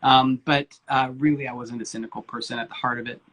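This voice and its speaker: Candid man with a husky voice. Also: mid-range voice, level tone, fast talker, fairly bright tone. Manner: candid and informal, swears casually, many fillers. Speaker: guest speaker, spiritual coach. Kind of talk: candid personal storytelling.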